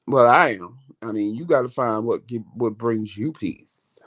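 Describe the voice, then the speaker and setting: A man talks things through in a loose, chatty vlog style. His voice sits at an ordinary middle pitch, and he rambles comfortably as he gives down-to-earth advice. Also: unhurried, hardly any pauses. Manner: relaxed, talkative, Southern US vernacular. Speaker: vlog host. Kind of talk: casual chat.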